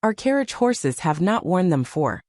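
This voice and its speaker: A woman voicing a kind, genteel lady who speaks gently and persuasively in a storybook reading. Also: lowish voice, sing-song, measured pace, no echo, clean studio sound.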